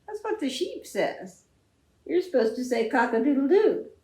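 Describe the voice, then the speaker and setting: A worn-out, baffled farmer, played by a woman in a storybook tale, crying out in a high, swooping voice and drawing out his slow complaints. The sound carries the echo of a roomy space. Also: very animated, heavily acted. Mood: bewildered. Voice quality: high, loud, exclaiming. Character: tired, bewildered male farmer. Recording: echoey room.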